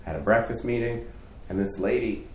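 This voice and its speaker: A man's voice: on the low side, moderate pace, a little hiss or hum. A man giving a candid, chatty storytelling sermon as youth pastor, poking fun at himself. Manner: candid, self-mocking, chatty. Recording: echoey room, distant mic.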